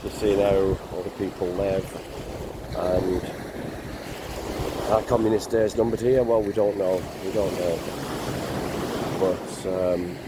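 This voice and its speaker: An older man with a blocked nose, talking slowly and plainly in a casual travel vlog by the sea. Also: sits low, steady tone. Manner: slow, rambling, plain-spoken. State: congested, bunged up. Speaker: vlogger. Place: outdoors by the sea. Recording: noisy outdoor recording.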